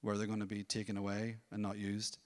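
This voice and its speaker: A man giving a testimony at a church service, telling his story in a lively way and acting out other people's voices. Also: fairly low pitch, brisk, big-room sound. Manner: storytelling, animated, acts out voices. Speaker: worship leader. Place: church hall.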